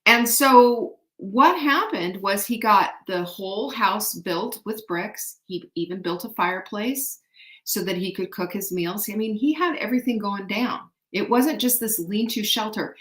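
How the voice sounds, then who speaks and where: A woman hosting a show, retelling an old folk tale in an animated, chatty way and often asking the audience to guess what happens next. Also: mid-range voice, measured pace. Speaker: show host. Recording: echoey room.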